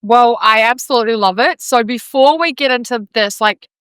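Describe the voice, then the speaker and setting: A woman hosting a podcast in casual chat, excitable and swearing freely, with plenty of fillers. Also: fairly high pitch, moderate pace, clear, resonant tone, dry recording. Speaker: podcast host.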